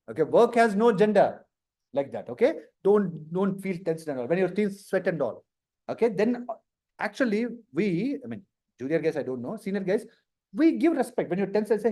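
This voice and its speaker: A man runs a live career lesson in a bright, high-pitched voice. He speaks straight to his students and often breaks into short, amused impressions of nervous job candidates. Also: fairly quick. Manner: lively, acts out candidates in mock interview snippets; addresses students directly, laughs often. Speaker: career trainer.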